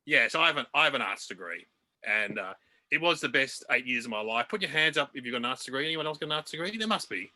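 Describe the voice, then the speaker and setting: An Australian man doing a stand-up comedy set over a video call from home, chatty and self-deprecating, with quick asides to his audience. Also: mid-range voice, lively intonation, pushed and bright. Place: home room.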